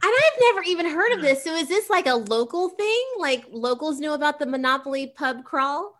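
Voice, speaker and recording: A woman's voice: high voice, lively intonation, brisk, a bit bright. A woman hosting a casual chat, bubbly and full of fillers. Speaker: host.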